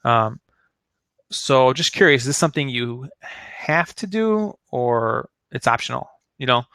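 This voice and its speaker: Man, sales trainer, bright tense voice, dry close sound, chatty with fillers. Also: mid-range voice, expressive, a little slow, clean tone, no echo. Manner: chatty, filler-heavy, acts out sample phone lines. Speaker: network marketing trainer. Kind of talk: casual training talk.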